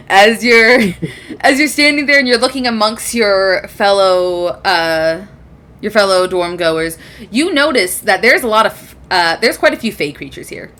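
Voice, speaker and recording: A woman runs a tabletop game session, narrating the scene in a relaxed, chatty way. She laughs easily and fills her pauses with ums as she goes. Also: medium pitch. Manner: casual, giggly narration with fillers. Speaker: game master.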